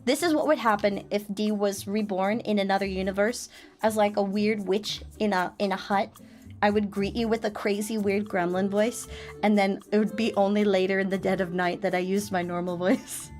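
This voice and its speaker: A woman's voice: medium pitch, steady tone, normal speed, darkish tone, faint music behind. A woman streamer chatting casually and playfully with her viewers, giggling often. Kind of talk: casual chat on a livestream.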